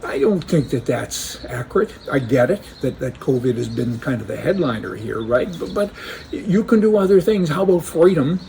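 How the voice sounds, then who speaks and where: A man's voice: mid-range voice, sing-song, moderate pace, creaky, dark tone. Male commentator, sarcastic and joking, mid-range voice, faint background hiss. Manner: sarcastic, joking, chuckling asides. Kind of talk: opinionated casual monologue.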